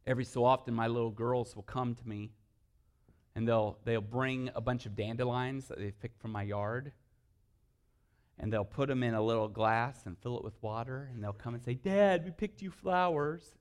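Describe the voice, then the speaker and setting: A man preaching a sermon as pastor, telling humorous stories and swinging from hushed, earnest moments to loud, lively bursts. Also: medium pitch, moderate pace, smooth.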